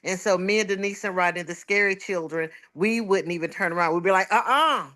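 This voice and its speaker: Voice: medium pitch, steady tone, fairly bright tone. Chatty agreeable podcast co-host. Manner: chatty, agreeable, drawn-out storytelling. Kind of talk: casual chat.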